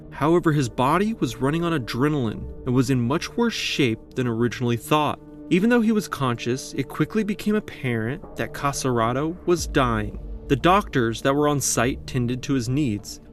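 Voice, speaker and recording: A man giving scripted documentary narration in a measured, dramatic storytelling manner. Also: mid-range voice. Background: faint background music.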